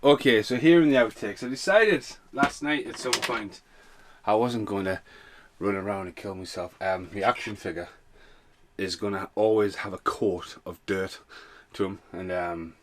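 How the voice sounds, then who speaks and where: A man's voice: on the low side, expressive, moderate pace. A man ranting casually as a film reviewer, chatty and loose, swearing freely, a little tipsy. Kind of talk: casual rambling rant.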